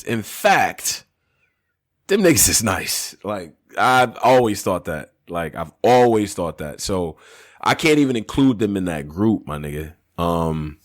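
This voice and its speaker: A man hosting a casual podcast debate, talking in a laid-back, slangy way, his pitch swinging up and down as he muses. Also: very animated, moderate pace. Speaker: podcast host and debate moderator.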